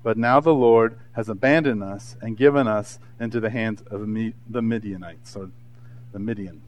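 A man in his thirties preaching a sermon, animated and conversational, acting out asides in different voices. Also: lowish voice, normal speed, a little hiss or hum. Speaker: pastor.

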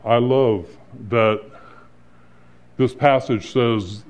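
A middle-aged man preaching as a pastor in an earnest, conversational way, pausing and restarting, then rising to emphatic points. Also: medium pitch, animated, darkish tone. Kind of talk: sermon. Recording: slightly dull, lo-fi sound.

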